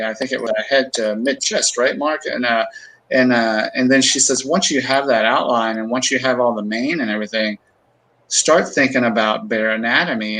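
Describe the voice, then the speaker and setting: Middle-aged guest on a livestream, chatty storyteller, loose and rambling. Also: male voice, mid-range voice, pushed and bright, low-quality recording. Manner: rambling storyteller, many fillers and restarts. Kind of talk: casual livestream chat.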